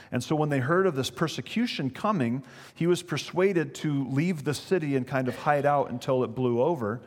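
A man preaching as he retells a story, animated, speaking directly to his listeners. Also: a little high, in a large hall. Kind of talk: sermon storytelling.

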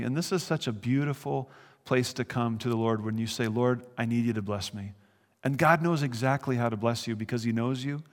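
A man's voice: medium pitch, moderate pace. Guy pastor preaching through bible verses, earnest and easygoing, little chuckles, big echoey hall. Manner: conversational and earnest, with brief chuckles. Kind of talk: sermon, verse-by-verse Bible teaching.

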